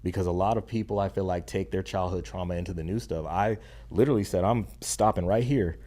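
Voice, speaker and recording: A man's voice: low-pitched, steady tone, fast talker, mellow. A young adult man speaking as a podcast guest in casual conversation, earnest and emphatic with a slangy way of talking. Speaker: podcast guest, stay-at-home dad and content creator.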